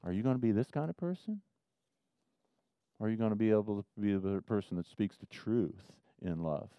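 A man preaching a sermon as pastor, swinging from loud emphasis to quiet asides. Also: fairly low pitch, fairly quick, smooth, dry recording, lo-fi sound.

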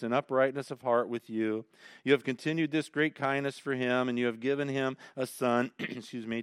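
A man preaching a sermon in a conversational way, swinging between loud emphasis and quiet asides. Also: medium pitch, clear, resonant tone, dry recording, clean studio sound. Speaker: pastor.

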